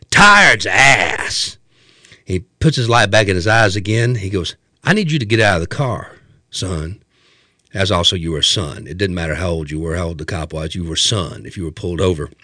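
A man's voice: lowish voice, dry recording. An older man telling a funny story, drawing out words and acting out the scenes. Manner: drawn-out, lively, acted-out delivery. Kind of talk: comic storytelling.

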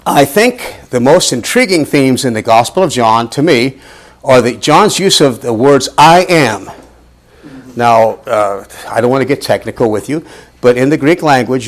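A man teaching a Bible study in a church, talking in a conversational and emphatic way. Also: mid-range voice.

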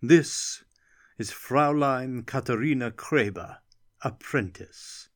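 A man voicing a smug, scheming court wizard who speaks in a smooth, insinuating way. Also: fairly low pitch, fairly bright tone. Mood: sly smug. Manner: smooth, sly, deliberate.

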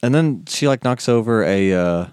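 A young man casually recapping a movie with a friend, telling it in an animated, jokey way. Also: medium pitch, normal speed, clean tone, no room sound, studio quality.

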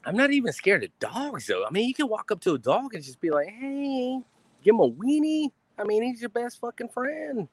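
A man's voice: high-pitched, sing-song, brisk, hardly any pauses, breathy edge, no room sound. A young man, ranting on a livestream in a boastful, profane, swaggering way. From Texas. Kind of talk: casual rambling livestream rant. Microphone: streaming mic.

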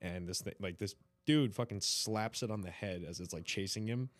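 A man co-hosting a podcast, chatting casually, swearing and breaking into loud impressions when retelling videos. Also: lowish voice, moderate pace, dry recording. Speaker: podcast co-host. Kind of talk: casual chat.

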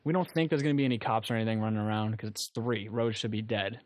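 A man's voice: on the low side, steady tone, quick pace, a little mellow, no room sound. A young man telling a rambling story on a casual talk show, often laughing at his own tale. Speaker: guest storyteller.

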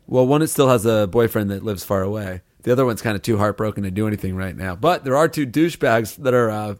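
A man co-hosting a casual podcast, teasing his partner in a deadpan, mock-serious way. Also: on the low side, fast, no room sound, studio quality. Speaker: podcast co-host. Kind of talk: casual chat.

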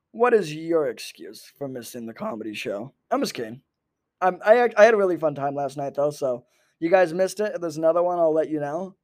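A man in his own voice, hosting a comedy podcast. He rambles with lots of swearing and animated asides, hopping from one topic to the next. His voice sits on the higher side for a man. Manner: profane, animated, jumps between topics.

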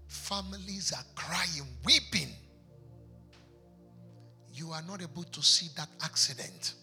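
A man's voice: a little high, pushed and bright. A pastor preaching an impassioned sermon in a church, driving his points home with rhetorical questions.

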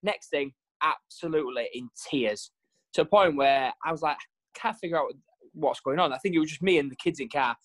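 A man in casual chat, telling family stories with lively quoted voices. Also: a little fast. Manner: animated storyteller, jumps pitch for quoted voices. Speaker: podcast co-host.

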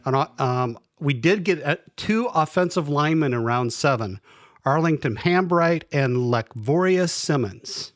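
A man's voice: on the high side, lively intonation, unhurried, dry recording, studio quality. A man co-hosting a casual sports podcast, hesitant, often restarting his sentences while he reviews picks. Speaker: podcast co-host.

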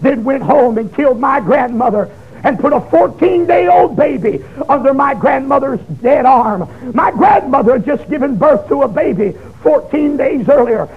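A man preaching his testimony, emotional, swinging from shouts down to hushed low tones. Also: expressive, normal speed. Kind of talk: fiery testimony sermon. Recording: dull lo-fi recording.

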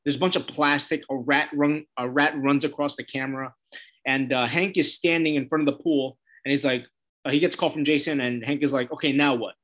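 A man's voice: medium pitch, fairly even intonation, brisk, fairly bright tone. A man giving a casual, loose recap of a TV episode, retelling scenes and quoting the characters with lots of "he's like" as he goes.

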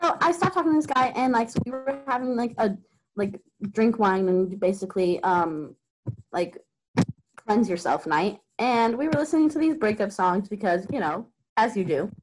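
A young woman guest telling a roommate story in a giggly, animated way with lots of fillers. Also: fairly high pitch, moderate pace, poor audio. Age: young adult. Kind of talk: casual storytelling.

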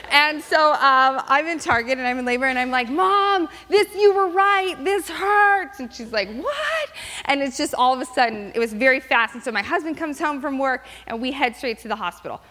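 A woman's voice: high voice, quick pace, hardly any pauses, sharp tone. A woman in her thirties, speaking at a church gathering, leading a prayer and then telling a personal story in a chatty way with many fillers. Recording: long reverb in a large hall.

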